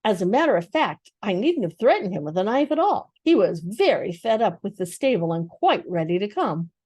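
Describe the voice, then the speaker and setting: Figure: brave young girl, read by an older woman. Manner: eager, pleading. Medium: storybook reading. Sound: dry. Tone: mellow. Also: mid-range voice, very animated, normal speed, breathy edge, no room sound.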